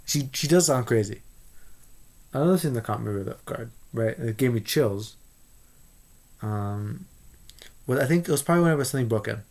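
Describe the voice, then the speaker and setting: Man, casual movie review, excitable, rambling, frequent restarts, mid pitch.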